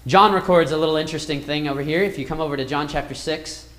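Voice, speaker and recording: A man teaching a Bible class, reading verses aloud and retelling the story with wide swings in loudness. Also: a little high, fast. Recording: echoey room.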